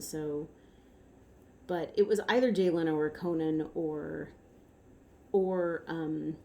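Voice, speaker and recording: A woman vlogging in a casual, rambling way, correcting herself mid-sentence and jumping up in pitch when something excites her. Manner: rambling, self-correcting, with sudden upward pitch jumps. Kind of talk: casual chatty commentary to camera.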